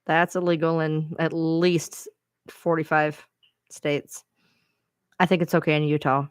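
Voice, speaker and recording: A woman's voice: deep voice, flat delivery, unhurried, smooth, no room sound, studio quality. A woman live streamer casually telling a rambling story to her viewers, chatty and swearing freely.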